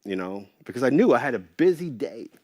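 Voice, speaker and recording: Animated middle-aged man telling stories. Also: medium pitch, brisk, no echo, studio quality. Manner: animated, swears freely, acts out quotes. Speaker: interview guest. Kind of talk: casual storytelling.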